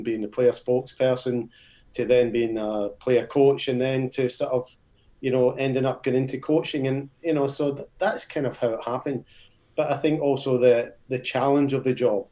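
An older man from Scotland, a football coach interviewed as a guest, talking in a modest, relaxed and reflective way. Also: medium pitch, fairly quick. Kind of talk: casual interview chat.

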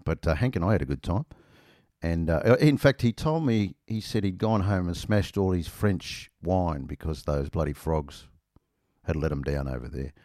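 A man's voice: sits low, lively intonation, moderate pace, darkish tone, no echo, clean studio sound. A middle-aged Australian man telling a rambling, self-mocking anecdote in casual chat, full of ums and uhs.

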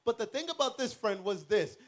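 A man's voice: high-pitched, brisk. A man speaking at a youth camp, telling a comic personal story and acting out the voices in it. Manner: animated, acts out the voices in his stories.

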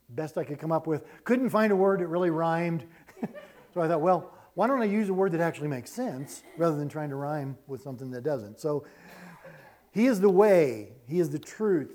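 A man's voice: fairly high pitch, warm tone. A male pastor reading scripture aloud and then preaching a sermon, stressing key words as he goes.

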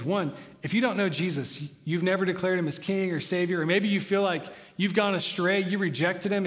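A man preaching a conversational sermon in a church, swinging between loud emphasis and soft, quiet lines. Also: sits high. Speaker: pastor. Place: large church sanctuary. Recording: reverberant hall.

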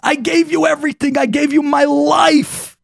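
A man's voice: high voice, wildly swooping pitch, unhurried, creaky, a little mellow, husky, no echo, clean studio sound, pitched above the performer's own voice, heavily acted. A man voicing a bitter aging senior manager who screams about the forty years he gave his company. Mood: outraged. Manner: screaming, pounding his chest.

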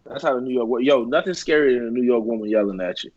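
A man's voice: medium pitch, racing, a little mellow, no room sound, highs cut off. A man co-hosting a podcast, telling stories and teasing his friends in casual chat. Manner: teasing storyteller. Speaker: podcast co-host.

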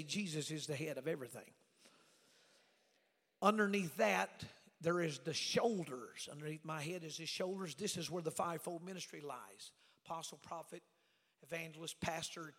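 Preacher man, kinda high husky voice, folksy storytelling sermon, echoey church. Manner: folksy, swings from loud preaching to hushed asides. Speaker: evangelist preacher. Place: church sanctuary. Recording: reverberant church hall.

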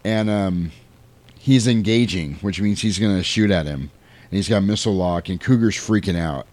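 Low-pitched male co-host, loose and chatty, retells scenes with playful quoted voices. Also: moderate pace, a little mellow. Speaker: podcast co-host recapping a film. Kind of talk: casual chat.

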